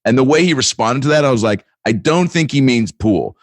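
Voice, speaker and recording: On a comedy podcast, a man tells a long, rambling story full of fillers and restarts, often breaking into laughter during the casual chat. His medium-pitched voice is expressive and a little fast, recorded dry.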